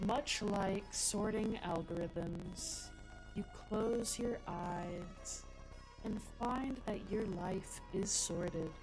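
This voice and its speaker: A woman voicing a calm female meditation guide in a soft, slow, hushed whispered role-play. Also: mid-range voice, soft background music, low-quality recording. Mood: soothing.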